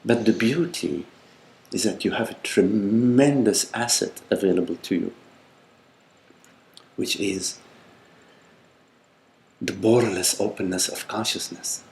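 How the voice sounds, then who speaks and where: An older man with a low, gravelly voice answers questions in a meditative talk. His phrasing halts and circles back on itself, often checking in with "you see." He speaks gently, as a spiritual teacher. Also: slow, long pauses.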